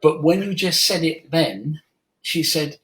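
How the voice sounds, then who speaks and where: A middle-aged man, a voice coach, teaching in an interview, talking slowly and emphatically and telling stories with lively demonstration. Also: a little high, low-quality recording. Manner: slow, emphatic, uses his voice to demonstrate; lively storyteller.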